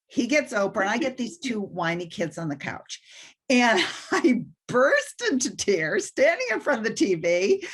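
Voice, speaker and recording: A woman's voice: a little high, sing-song, moderate pace, breathy edge. A woman guest on an interview, telling a personal story with animation and self-deprecating humor. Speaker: guest mentor.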